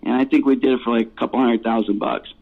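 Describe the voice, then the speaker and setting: A rock vocalist, appearing as a guest in a casual interview, tells rambling stories, laughs often, and swears freely. His mid-range voice is gravelly with little pitch movement, and he talks fast over a tinny phone line.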